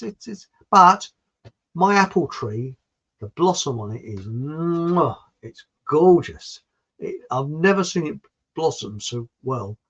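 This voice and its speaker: A man's voice: a little high, big pitch swings, a little slow, fairly bright tone, husky, dull audio. A man hosting a livestream, chatting in a meandering, rambling way and often repeating himself. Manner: chatty, meandering, repeats words, drifts between topics. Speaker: livestream host reading viewer comments. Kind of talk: rambling casual monologue.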